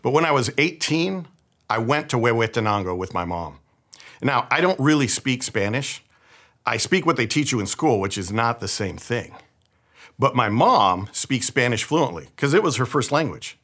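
A middle-aged man from the Bay Area preaches a sermon, telling a story with a casual, joking touch. His pitch moves a lot and stays animated throughout. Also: normal speed. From San Francisco Bay Area. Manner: storytelling, conversational and humorous. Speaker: pastor.

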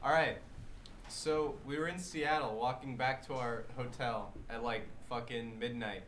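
A man with a middle-pitched voice throws in short quips and tells a story. He sits away from the mic, so his voice bounces around a roomy space with clear background noise. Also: steady tone, a bit bright. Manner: chiming in with quick quips. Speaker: co-host. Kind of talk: casual chat on a live stream. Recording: roomy, noisy room sound.

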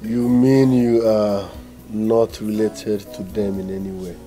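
Kind young man, Nigerian accent, lowish voice, soothing, music under. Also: flat delivery, slow. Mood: comforting. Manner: gentle, comforting. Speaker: kind young man who takes her in. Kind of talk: Nollywood film acting.

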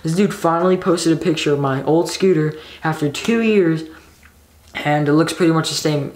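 A young man chatting casually and excitedly for his vlog, rambling with lots of "like". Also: a little high. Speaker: vlogger. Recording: background noise.

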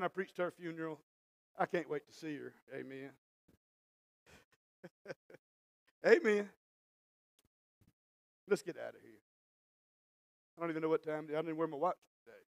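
A man preaching in church, his voice pitched very high with a gravelly edge. He moves from hushed, low asides to shouted exhortation and acts out Bible stories as back-and-forth dialogue. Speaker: pastor. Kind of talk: sermon.

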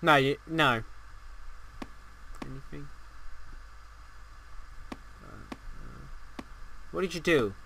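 Young guy doing horror let's play, super bright sharp voice, high pitched, swears a ton. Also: drawn-out words, gravelly, pauses often, slight background noise, low-quality recording. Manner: excitable, swears a lot, talks to the game. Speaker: gaming channel host.

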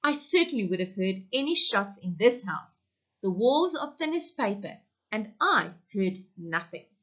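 A woman's voice: medium pitch, very animated, a little slow, a bit bright. An earnest, emotional man next door who pleads and apologizes, as a woman teacher reads him out. The voice rises and falls a lot, and the recording is muffled. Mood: apologetic.

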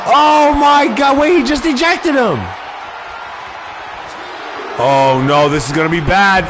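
A man giving excited play-by-play commentary on a wrestling video game, often shouting exclamations. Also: very high-pitched, a little slow, noisy background.

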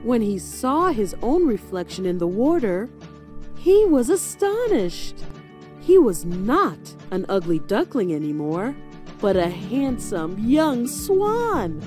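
A woman reading fairy tales aloud to children, slowly and expressively. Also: on the high side, soft background music. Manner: slow, expressive storybook reading. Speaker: storyteller.

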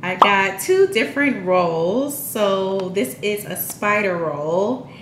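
A woman's voice: mid-range voice, expressive, slow, a bit bright, reverberant, slight background noise. A young woman chatting casually to camera in a home vlog, playful and full of slang. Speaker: vlogger. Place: at home, indoors.

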